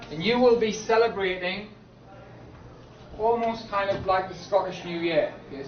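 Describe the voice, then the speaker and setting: A male teacher lecturing a class in a slow, emphatic way, often checking in with "okay?". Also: a little high, a little hiss or hum. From Britain. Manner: repeats "okay?" to check understanding, slow emphatic key words. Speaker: English teacher. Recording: echoey classroom from far off, dull and lo-fi.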